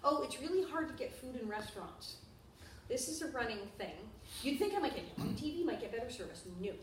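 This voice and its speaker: A woman guest at a live interview, telling anecdotes in an animated way with laughter and acted-out voices. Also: high-pitched, fast. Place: bookshop event space. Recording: echoey room, mic at a distance, audible noise.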